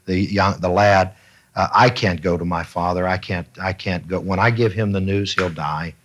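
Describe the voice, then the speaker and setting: A man leading a Bible study class, talking in an animated way and often repeating himself with fillers. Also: deep voice, normal speed, slight background noise.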